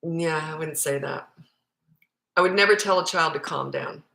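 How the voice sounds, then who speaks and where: A woman's voice: low voice, moderate pace, gravelly, sharp tone. A woman parenting coach answering viewer questions live, speaking in a blunt, emphatic way. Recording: echoey room.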